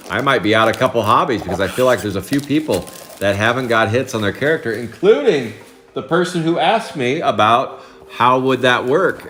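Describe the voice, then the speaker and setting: A man's voice: mid-range voice, fairly bright tone, a little hiss or hum. A man in his forties from Oregon, chatting casually on a live card break stream, telling rambling stories with frequent chuckles. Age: 40s. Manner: rambling storyteller, chuckles often.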